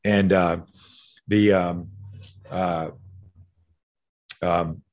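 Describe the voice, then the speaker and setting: A self-defense instructor telling an animated story in casual conversation, swearing freely. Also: male voice, sits low, very slow.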